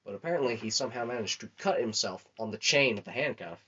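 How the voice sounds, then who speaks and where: A man's voice: mid-range voice, lively intonation, quick pace, pushed and bright, husky. A young man chatting casually on a podcast, telling rambling, crude, profanity-laden stories. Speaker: podcast co-host. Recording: dull lo-fi recording.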